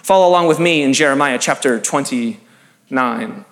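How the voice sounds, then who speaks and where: A pastor giving an earnest, emphatic sermon-style talk, reading scripture and building through repeated phrases. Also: male voice, mid-range voice, normal speed, a bit bright.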